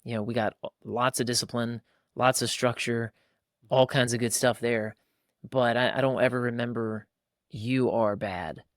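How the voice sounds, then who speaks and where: Animated man acting out dads. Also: medium pitch, smooth, no room sound, clean studio sound. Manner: animated, acts out dads and kids in quick voices. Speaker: podcast co-host. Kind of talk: casual faith-based parenting chat.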